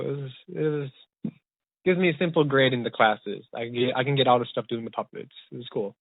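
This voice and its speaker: A man's voice: mid-range voice, brisk, creaky, no echo. A young man who works as a puppeteer, telling his story in a rambling, eager way full of restarts. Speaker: puppeteer and podcast host. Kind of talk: casual storytelling chat. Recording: tinny phone-like dry sound.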